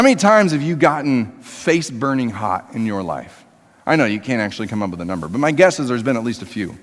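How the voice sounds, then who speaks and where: A man's voice: big pitch swings, fast. Man preaching in an echoing church. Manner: conversational preaching, swinging between emphatic highs and quiet lows. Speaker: pastor. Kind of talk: sermon. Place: church sanctuary. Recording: long reverb of a church hall.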